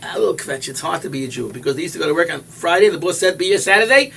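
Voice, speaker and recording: An older man with a New York accent delivers a sermon as a rosh yeshiva, animated and swinging between loud exclamations and hushed asides, peppered with Yiddish and Hebrew words. His voice is on the high side and gravelly, and he races along. A distant mic picks him up over light background noise.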